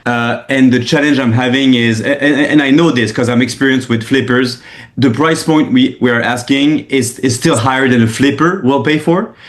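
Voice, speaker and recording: A mid-pitched man describes his work to a group over a video call. He talks in a halting way, restarting phrases and filling gaps. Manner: halting, many restarts and fillers. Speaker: real estate agent.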